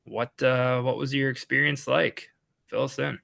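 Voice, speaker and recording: A man's voice: mid-range voice, flat delivery, measured pace, vocal fry, pushed and bright. A man with a Wisconsin accent hosting a casual fishing podcast, laid-back as he steers the talk to his co-hosts. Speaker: podcast host.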